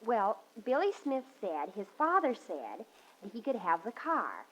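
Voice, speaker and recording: An actress playing an eager teenage daughter with breathless chatter in a 1940s radio sitcom. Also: female voice, mid-range voice, wildly swooping pitch, measured pace, a bit bright, heavily acted, poor audio. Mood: pleading.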